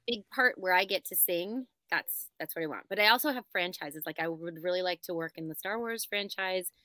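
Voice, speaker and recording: Bright-toned, giggly young woman, panel guest. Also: fairly low pitch, a little fast, dry recording. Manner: bubbly, laughing, self-described nerd. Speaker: voice actor guest. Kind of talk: casual panel chat.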